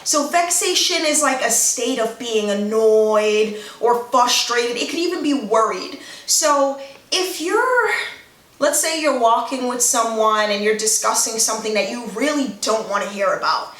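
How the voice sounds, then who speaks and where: A woman teaching slang words in a casual video lesson, chatty and acting out example phrases with lively emphasis. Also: on the high side, a little slow. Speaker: language teacher. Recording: roomy echo, somewhat far from mic.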